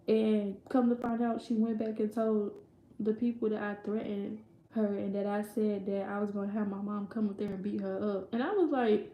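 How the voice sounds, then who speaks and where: A woman's voice: a little high, moderate pace, dark tone, slight background noise. A young woman telling a personal story in a casual, rambling way, full of fillers and quoted voices. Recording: echoey room.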